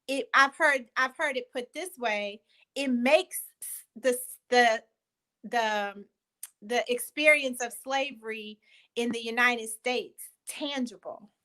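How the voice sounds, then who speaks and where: Earnest woman guest on a video call, bright and higher-pitched, thoughtful, restarts phrases. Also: slow pace, rough recording. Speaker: guest, company co-founder. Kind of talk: casual video chat interview.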